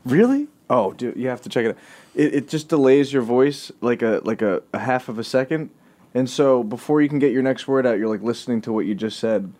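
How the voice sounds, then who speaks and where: A man in casual podcast talk, loose and profane, laughing between lines. His pitch sits in a plain middle range. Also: expressive, fairly quick, darkish tone. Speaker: impressionist guest.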